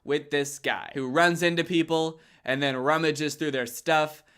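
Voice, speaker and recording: A man's voice: on the high side, fairly even intonation, a little slow, fairly bright tone, clean tone. A man giving comedic, sarcastic commentary on a movie, mocking its characters in put-on voices. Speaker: commentary host.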